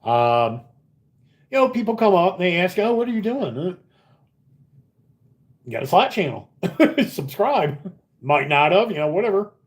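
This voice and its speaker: A middle-aged man hosting a slot channel live stream from a casino, chatting casually and telling stories in an animated way with a lot of swearing. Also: sits high, a little slow, pauses often. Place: casino upstairs area.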